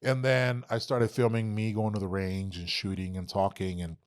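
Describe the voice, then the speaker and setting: A man's voice: fairly low pitch, normal speed. A young man from Texas, a podcast guest telling stories casually, swearing often and acting out quoted dialogue. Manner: animated, profane storytelling, acts out quoted dialogue. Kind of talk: casual storytelling interview.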